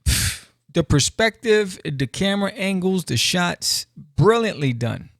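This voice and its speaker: A man hosting a podcast, casually reviewing a comic book with excitable, exclamatory commentary and playful asides. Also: high-pitched, slow, no echo, clean studio sound.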